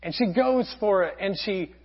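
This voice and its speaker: A man preaching a sermon as pastor, telling a parable earnestly with frequent pauses. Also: high voice, animated. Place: church sanctuary. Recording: dull lo-fi sound.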